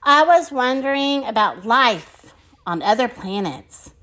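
A soft, wondering storybook cow with a gentle, dreamy manner, as a woman reading aloud puts her on. The voice rises high and lilting, unhurried. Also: animated. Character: dreamy, thoughtful female cow.

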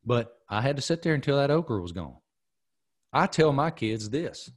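A man's voice: mid-range voice, normal speed. A middle-aged man hosting a podcast, telling stories in a casual, emphatic way. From American South. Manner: animated storyteller, emphatic. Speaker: podcast host. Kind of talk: casual chat.

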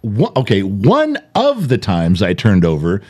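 An older man chats on his podcast with a lively, swooping delivery. He jokes and slips into playful mock voices as he tells family stories. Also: lowish voice, measured pace. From California. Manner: joking, animated storyteller with mock impressions. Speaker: podcast co-host. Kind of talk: casual chat.

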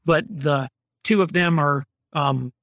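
A man's voice: fairly high pitch, slow pace, fairly bright tone, no room sound, studio quality. A man, ranting in an opinionated, exasperated way during a casual podcast chat. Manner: opinionated, exasperated, rambling critique.

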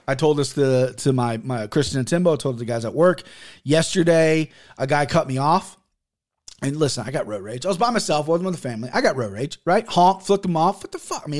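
A man in his thirties hosts a solo podcast. He talks in a casual, profane way and tells stories. His pitch runs a little high for a man, and his voice swoops up and down a lot. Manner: animated, profane, storytelling with voiced quotes. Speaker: podcast host.

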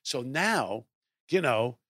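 A middle-aged man telling a lively story, acting out his own lines as he goes. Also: medium pitch, slow, no room sound, clean studio sound. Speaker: guest storyteller. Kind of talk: animated anecdote telling.

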